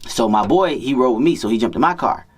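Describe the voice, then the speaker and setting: A man's voice: mid-range voice, animated, fast talker, breathy edge. Slangy, profane male dating coach. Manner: slangy, profane, repetitive street talk. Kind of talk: casual storytelling to camera.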